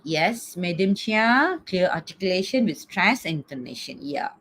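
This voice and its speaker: A woman's voice: on the low side, big pitch swings, moderate pace, a bit bright, a little hiss or hum. Coaxing woman teacher on a webinar. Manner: repeats "okay?" often, coaxing. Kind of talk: online lecture.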